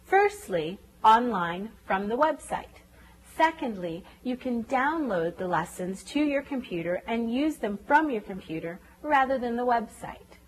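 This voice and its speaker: Lively-voiced woman narrating a tutorial. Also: a little high, a little slow, a little hiss or hum. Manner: clear, instructional, carefully articulates phonemes. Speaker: reading teacher demonstrating a website. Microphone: voice-over.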